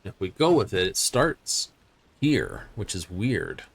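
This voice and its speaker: A man's voice: low voice, huge pitch swings, takes it slowly, vocal fry, breathy edge, no echo. A man streaming a video game, rambling and thinking aloud as he studies the map. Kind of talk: casual game-stream commentary.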